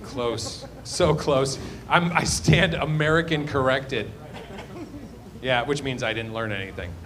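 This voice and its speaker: A man's voice: mid-range voice, a little slow, a bit bright. A man doing live stand-up crowd work, rambling and self-deprecating, often trailing off. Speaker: stand-up comedian. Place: live comedy show.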